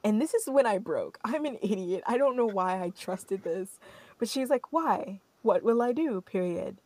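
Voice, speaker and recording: A woman's voice: medium pitch, moderate pace, no echo. Young woman telling a story, dry sound. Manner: animated, rambling, lots of "like" fillers. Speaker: podcast host. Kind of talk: casual storytelling chat.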